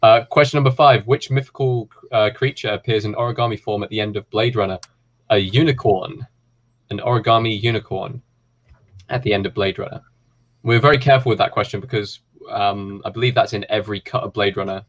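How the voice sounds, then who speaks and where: A man hosting a film quiz, reading questions and answers with relaxed, chatty asides. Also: on the low side, fairly quick, lo-fi sound. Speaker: quiz host.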